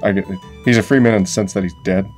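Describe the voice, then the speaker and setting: A man's voice: on the low side, steady tone, quick pace, darkish tone, soft background music. A man co-hosting a casual crafting video, joking around and playful. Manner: jokey, playful, sings silly improvised tunes. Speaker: co-host. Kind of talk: casual chat.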